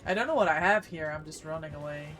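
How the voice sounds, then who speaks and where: A woman's voice: low-pitched, expressive, quick pace, a bit bright, faint music behind. Woman streamer narrating her game aloud. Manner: talks to herself, panicky outbursts. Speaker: streamer and competitive player. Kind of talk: live gameplay commentary.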